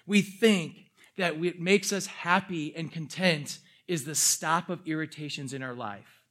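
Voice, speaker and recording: A male pastor preaching a sermon, telling animated, self-mocking stories with jokes. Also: a little high, measured pace.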